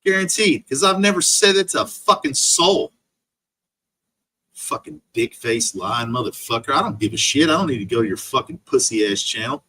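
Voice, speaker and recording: A man's voice: medium pitch, lively intonation, normal speed, sharp tone, husky. A man streaming an angry, profane rant full of insults. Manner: profane, insult-laden ranting.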